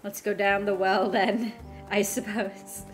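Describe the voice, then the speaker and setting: A woman's voice: mid-range voice, flat delivery, takes it slowly. A woman streaming a game live, playful and giggly, exclaiming as she plays. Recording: game music behind voice.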